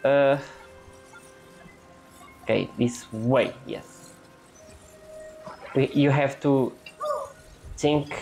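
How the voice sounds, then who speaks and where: A young woman chatting casually as she plays a video game, thinking aloud in a playful way. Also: extremely low pitch. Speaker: gaming channel host. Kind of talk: casual gameplay commentary.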